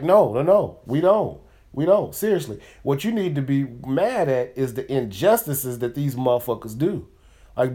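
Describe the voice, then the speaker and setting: A mid-range, slightly mellow male voice. He hosts a comedy podcast and delivers a casual monologue that's rambling, profane, and heated, full of fillers and restarts.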